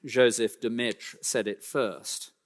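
A male preacher of middle pitch giving a sermon, his voice carrying a long reverb as if in a large church. He presses his points emphatically, rising and then sinking to a hushed close, and slips in dry, self-mocking asides. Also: steady tone, slow. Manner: emphatic, builds in pitch and volume then drops low and quiet.

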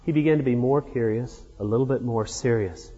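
Male preacher, husky, unhurried expository sermon, dull recording with long hall reverb. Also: mid-range voice, mellow. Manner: unhurried, explains verse by verse with hesitations.

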